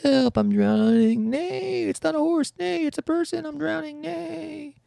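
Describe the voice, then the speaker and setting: Sly kelp seahorse creature, shrill falsetto, whinnying, wheedling, very high-pitched. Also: male voice, measured pace, creaky, dark tone, dry recording, heavily acted. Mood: pleading. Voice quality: shrill falsetto with neighing cries. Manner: wheedling, pleading, mock-desperate. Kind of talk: comedic podcast bit.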